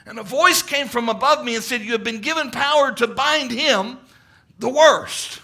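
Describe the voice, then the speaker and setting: Male preacher, high bright voice, fervent sermon delivery with swelling emphasis. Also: fairly quick. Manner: fervent, quoting at length, rising emphasis. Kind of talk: sermon retelling a vision.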